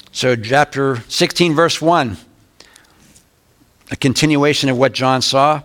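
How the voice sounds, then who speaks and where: An older man preaching a verse-by-verse Bible lesson, reading scripture aloud slowly and turning to the congregation with conversational asides. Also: mid-range voice, a bit bright. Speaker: pastor. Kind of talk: Bible teaching sermon.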